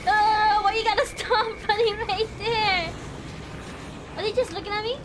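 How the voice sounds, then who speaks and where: A woman's voice: extremely high pitch, fairly even intonation, unhurried, noisy background. A young woman streaming a horror game, giggling and talking to the game and herself in casual commentary.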